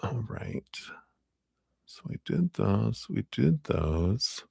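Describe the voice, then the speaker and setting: A man's voice: fairly low pitch, sing-song, very slow, creaky, darkish tone, breathy edge, no room sound, studio quality. A man hosting a live tarot stream, chatting casually with viewers and reading cards in a rambling way full of fillers and easy laughter. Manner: chatty and rambling, many "you know" fillers, laughs often. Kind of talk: casual livestream chat and card reading.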